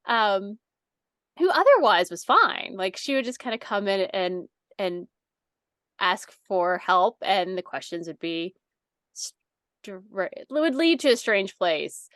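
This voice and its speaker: A woman's voice: medium pitch, sing-song, slow pace, a bit bright, no echo, studio quality. A woman co-hosting a podcast, telling a long story in a casual, rambling way, laughing often and using many fillers. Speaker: podcast co-host.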